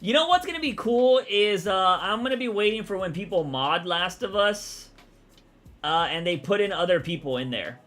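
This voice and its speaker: A man's voice: sits high, expressive, moderate pace, fairly bright tone. Laid-back Texan man chatting on stream. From Texas, USA. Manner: rambling, laid-back, answers chat. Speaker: live streamer. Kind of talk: casual live-stream chat.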